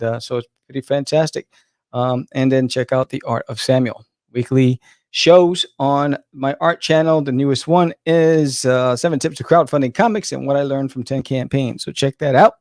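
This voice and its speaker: A man's voice: mid-range voice, darkish tone, no echo, clean studio sound. A man hosting a podcast, wrapping up the episode in a casual, upbeat way with lots of fillers. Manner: upbeat, rambling with many fillers. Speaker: podcast host.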